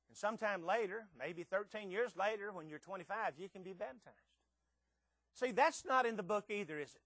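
Male preacher, high voice, dry close sound; emphatic sermon delivery with repeated words and rhetorical questions. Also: moderate pace, dry recording. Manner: emphatic, rising to loud peaks with rhetorical questions.

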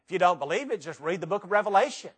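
Male preacher, high voice, dramatic sermon, questions the room. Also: animated, very fast, husky. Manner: dramatic recitation with sudden loud and soft swings; rhetorical questions to the congregation.

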